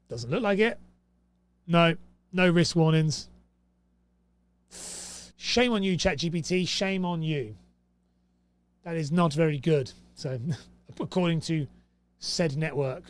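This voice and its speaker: A young man hosting a casual commentary, reading rules aloud and reacting with exasperated sarcasm. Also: fairly high pitch. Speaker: host.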